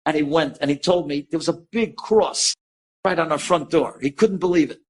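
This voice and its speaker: A rabbi telling an inspiring story to listeners, animated and lively, acting out the people in it. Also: male voice, on the high side, moderate pace, slightly rough. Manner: animated storyteller who acts out quoted voices.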